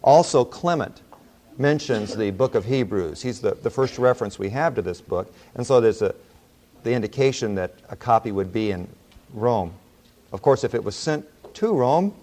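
Man giving a relaxed Bible lecture. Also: lowish voice. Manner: relaxed storytelling with folksy asides. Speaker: Bible teacher.

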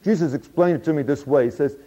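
A man's voice: a little high, fast talker, dark tone, natural voice. An actor playing a former tax collector turned disciple, telling his story in a folksy, confiding monologue with dry humor. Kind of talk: dramatic first-person monologue. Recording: dull lo-fi recording.

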